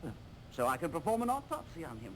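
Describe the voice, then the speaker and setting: A jovial upper-class surgeon in a video game, cracking grim jokes. The voice is fairly high and bouncy. Clear hiss sits under the old recording. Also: male voice, wildly swooping pitch, fast. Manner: joking, pleased with his own wit.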